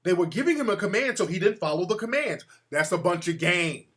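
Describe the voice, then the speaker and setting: Bright-voiced emphatic man ranting. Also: sits high, big pitch swings, brisk. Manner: emphatic, profane, talks straight to his audience. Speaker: show host. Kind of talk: ranting commentary monologue. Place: home room with a fan.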